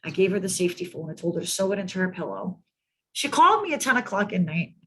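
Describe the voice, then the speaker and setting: A woman's voice: fairly low pitch, sing-song, quick pace, sharp tone, husky. A woman clinician telling a case story to colleagues over a video call, emphatic and often repeating words for stress. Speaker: mental health clinician presenting to colleagues. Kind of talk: storytelling in a training presentation.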